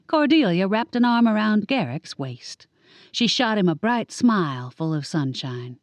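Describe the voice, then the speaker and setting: A woman narrating a first-person audiobook with wry, lively storytelling. Her voice sits a bit low. The booth recording is close and dry, with no room sound. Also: measured pace, no room sound. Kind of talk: scripted narration.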